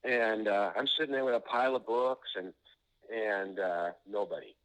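A man's voice: fairly low pitch, normal speed, fairly bright tone, poor audio. A man being interviewed as an author, telling anecdotes in a rambling way, often restarting sentences and filling gaps with "you know.".

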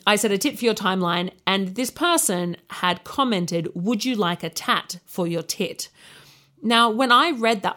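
A woman's voice: medium pitch, a bit bright. A woman, co-hosting a podcast and telling a story in casual chat, candid and laughing often. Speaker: podcast co-host.

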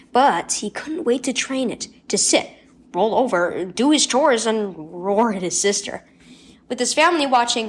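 A woman reading a children's devotional story in an expressive, animated storytelling manner. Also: mid-range voice. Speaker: devotional reader.

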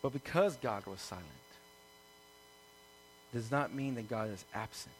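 A man preaching a sermon to a congregation, building from calm teaching to loud, impassioned peaks. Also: mid-range voice, a little slow, a little hiss or hum. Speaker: pastor. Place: room with an audience.

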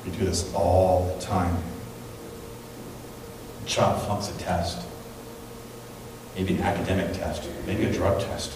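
A man preaching a sermon in a church, talking in a conversational, animated way and acting out the people in his stories. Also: deep voice, slow, long pauses, distant mic, background noise. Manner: conversational, animated storytelling with quoted voices. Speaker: pastor. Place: church sanctuary. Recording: very echoey hall, voice from off-mic.

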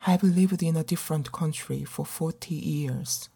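A middle-aged woman actor performing a dramatic monologue in an earnest, pleading, measured way. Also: deep voice, gravelly, dark tone, husky. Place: living abroad as a migrant in a big city.

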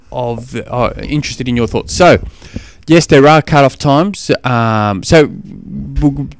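A man's voice: medium pitch, clean tone, dry recording. A man with an Australian accent hosts a podcast in casual chat. He rambles along with frequent restarts. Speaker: podcast host.

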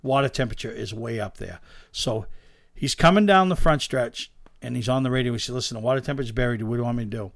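A man, a guest telling lively stories about owning race cars in a casual chat, acting out the voices of the people in them. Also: medium pitch, fast talker, creaky, no room sound, clean studio sound. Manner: animated anecdote teller, acts out quoted dialogue. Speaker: guest, race car owner. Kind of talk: casual storytelling in a podcast chat.

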